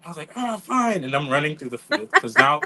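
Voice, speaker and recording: A man's voice: a little high, sing-song, fast talker, pushed and bright, low-quality recording. A man, telling stories in casual chat, acting out quotes and swearing freely. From New York. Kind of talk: casual storytelling.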